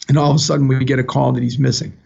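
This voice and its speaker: A man's voice: mid-range voice, little pitch movement, rapid-fire, gravelly, darkish tone, husky. An older man telling a personal story in an earnest, plainspoken way, with emotion close to the surface. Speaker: guest telling his story. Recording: dull lo-fi recording.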